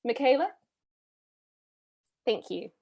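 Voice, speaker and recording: A woman hosting a live online read-through, casting roles in a chatty, brisk way with frequent ums, heard over a video call. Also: high-pitched, big pitch swings, dark tone. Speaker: read-a-thon host casting readers.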